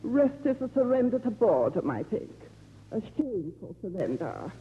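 A woman's voice: mid-range voice, sing-song, normal speed, husky. A sardonic, lonely, aging rich woman. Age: older. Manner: sardonic, theatrical, mocking. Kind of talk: 1950s radio drama acting. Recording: dull, faintly hissy 1950s radio broadcast.

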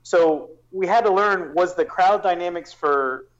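A man's voice: sits high, a little slow, lo-fi sound. A man talking as a guest on a casual podcast, explaining his planning at length with frequent restarts and fillers.

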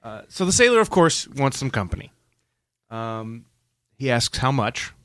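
A man's voice: medium pitch, big pitch swings, measured pace, a bit bright, smooth, no room sound, studio quality. A man co-hosting a podcast, reading a story aloud with playful asides and quoted voices in casual chat. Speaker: podcast co-host.

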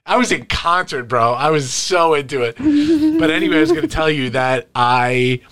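A man in his thirties co-hosting a podcast, telling family stories in a lively, animated way. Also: on the high side, moderate pace. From Greek heritage. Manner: animated storyteller, acts out quotes. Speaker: podcast co-host. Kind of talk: casual chat.

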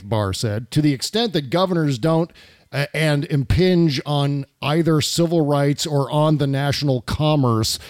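A man's voice: on the high side, darkish tone, no echo, studio quality. Chatty, laughing male talk show host. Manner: chatty, quick to laugh, wry. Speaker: podcast host. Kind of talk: casual political chat.

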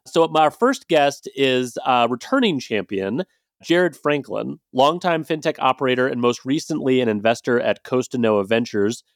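A man's voice: medium pitch, lively intonation, normal speed, no echo, studio quality. A man hosting a podcast in a casual, chatty way, with loose phrasing and hedging fillers. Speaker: podcast host.

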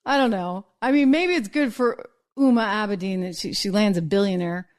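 A woman's voice: medium pitch, moderate pace. A middle-aged woman hosting a political commentary channel, talking casually to camera, chatty and sarcastic with frequent laughs.

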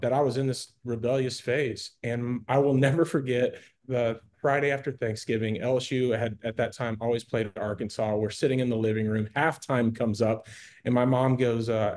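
A man's voice: medium pitch, fairly even intonation, normal speed, darkish tone. A man in his forties, a guest on an interview show, telling his own story candidly and earnestly, often restarting his sentences. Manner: earnest, candid, repeats words when starting a thought. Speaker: nonprofit founder, guest.

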